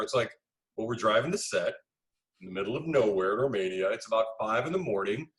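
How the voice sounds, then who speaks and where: A middle-aged man, a film director being interviewed, telling lively anecdotes and acting out the dialogue he quotes. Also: mid-range voice, quick pace, poor audio. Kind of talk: casual interview storytelling.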